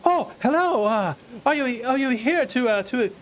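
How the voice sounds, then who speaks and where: A man's voice: very high voice, animated, normal speed, a little hiss or hum, voice pushed up. A man voicing a friendly, flustered male cheese trader with a frosty beard, stammering eagerly in a tabletop game.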